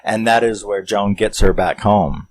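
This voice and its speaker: Deep-voiced man recapping a film. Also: a little slow, rough recording. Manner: rambling, animated retelling with acted-out quotes and chuckles. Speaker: movie review host.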